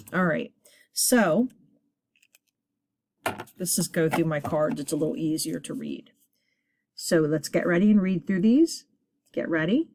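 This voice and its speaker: A woman teacher leading a children's reading lesson, encouraging her class and sounding words out slowly at a board. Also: deep voice, creaky, darkish tone.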